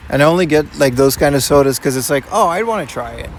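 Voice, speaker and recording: A fairly high-pitched man speaks in an animated way at a quick pace, streaming live as he walks through city streets, with a little hiss or hum present. He's an IRL streamer using a portable rig, reading and answering chat in a relaxed fashion and repeatedly saying "man" and "you know."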